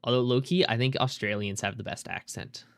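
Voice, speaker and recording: A young male streamer talks casually with his chat while he plays, dropping swear words as he goes. His voice sits at an ordinary middle pitch for a man, and his manner is relaxed and off the cuff. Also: brisk. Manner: loose, swearing, chatting with viewers.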